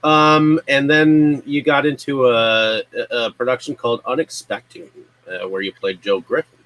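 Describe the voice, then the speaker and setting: A man hosting an interview, asking slow, hesitant questions with fillers. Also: medium pitch, fairly even intonation, fairly bright tone, dry recording, poor audio. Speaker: interviewer, host.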